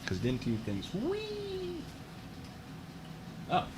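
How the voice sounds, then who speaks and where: A man's voice: medium pitch, lively intonation, a little fast, very noisy. A man streaming live, reading reader stories aloud and reacting to them and to chat in a chatty, wry way. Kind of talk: casual live-stream commentary.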